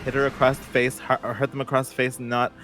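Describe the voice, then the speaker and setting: A man chatting casually as a player in a tabletop game, rambling with quick jokes and asides. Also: medium pitch, level tone, fairly bright tone.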